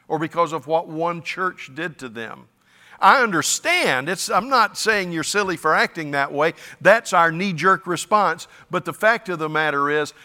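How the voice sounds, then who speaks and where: A man's voice: on the high side, pushed and bright, in a large hall. A man preaching a sermon as pastor, earnest and conversational.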